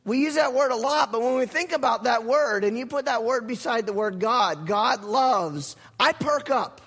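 A pastor with a high voice preaches in a folksy, lively way, repeating his key phrases and tossing in asides. The sound rings with a long reverb, as in a big hall. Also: moderate pace, breathy edge. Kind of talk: sermon. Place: church sanctuary.

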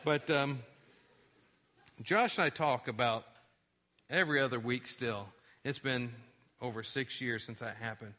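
A man preaching a sermon and telling a personal story in an animated way, dropping quiet for the sad parts. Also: medium pitch, measured pace, long pauses. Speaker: pastor.

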